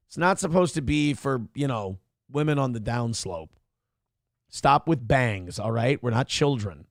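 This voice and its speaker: A man's voice: medium pitch, animated, a little slow, no echo, clean studio sound. A man hosting a morning show, ranting sarcastically and swearing heavily as he comments on a viral video.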